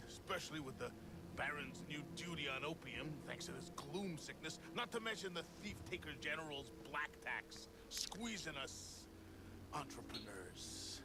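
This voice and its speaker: A man's voice: a little high, expressive, measured pace, heavy background noise. An actor playing a sardonic middle-aged male fence in a video game, wry and grumbling. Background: game music.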